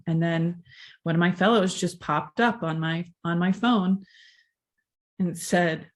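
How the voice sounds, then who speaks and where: A woman's voice: lowish voice, steady tone, moderate pace. Candid woman sharing at a recovery meeting. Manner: candid, self-deprecating storytelling. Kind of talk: personal share at an online recovery meeting.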